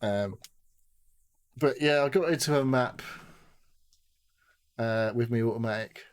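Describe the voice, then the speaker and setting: A man's voice: mid-range voice, a little slow, clear, resonant tone. A man co-hosting a podcast, chatting casually and rambling about a game, swearing freely and acting out what people said. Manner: rambling, swears a lot, acts out quotes. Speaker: podcast co-host. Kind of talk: casual gaming chat.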